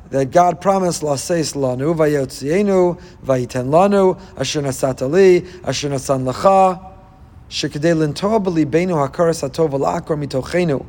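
A man preaches a Torah sermon, pitched a little high for a man. He reads Hebrew phrases and explains them, asking rhetorical questions. His voice rings with the long reverb of a hall. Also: a little mellow. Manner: reads Hebrew verses and translates line by line, asks rhetorical questions. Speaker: rabbi teaching Torah.

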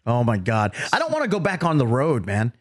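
A man's voice: medium pitch, brisk. A man joking around as a comedian guest on a casual podcast. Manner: joking, expressive. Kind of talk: casual chat.

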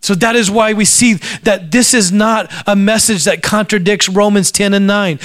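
High-voiced male preacher telling stories. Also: steady tone, moderate pace, hardly any pauses. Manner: acts out quoted voices while telling stories. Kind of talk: sermon storytelling.

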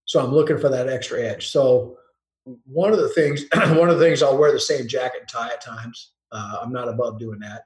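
At a moderate pace and medium pitch, a football coach rambles through casual anecdotes, often restarting and chuckling. The interview has a roomy sound and low-quality recording.

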